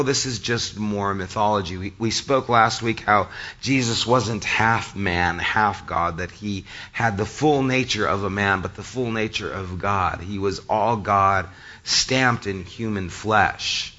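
Bright-voiced male pastor, slightly hoarse. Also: lowish voice, measured pace, muffled recording. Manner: conversational, addresses the congregation directly. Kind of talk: sermon.

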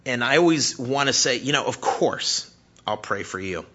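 A man in his thirties preaching a sermon as a pastor, animated and emphatic, at times close to shouting, then dropping to a hushed, slow voice for prayer. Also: medium pitch, highs cut off, background noise.

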